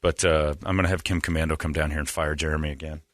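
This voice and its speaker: A man hosting a podcast, telling stories in a sarcastic, animated casual chat. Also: very deep voice, quick pace, heavy background noise. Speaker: podcast host.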